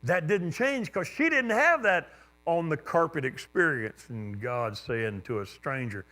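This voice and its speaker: Animated preacher telling a story. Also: male voice, measured pace. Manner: animated storyteller, voice jumping up with excitement then dropping low. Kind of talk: storytelling sermon.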